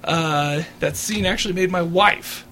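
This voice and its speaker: High-voiced laughing podcast man. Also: unhurried, a little hiss or hum. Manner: laughing, animated storyteller. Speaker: podcast co-host. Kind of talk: casual chat.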